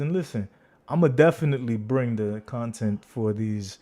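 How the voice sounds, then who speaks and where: A man in a casual livestream, taunting and teasing his viewers. His delivery is brash and full of slang, and he keeps calling people out directly. His voice sits at a middling pitch for a man. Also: moderate pace, dark tone. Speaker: livestream host.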